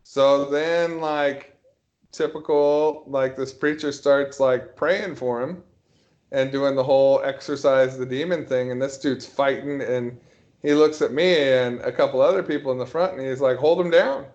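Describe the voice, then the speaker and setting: A man in casual conversation, telling a story in a halting way with frequent restarts and fillers. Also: mid-range voice, steady tone, a little mellow, lo-fi sound. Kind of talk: casual podcast chat.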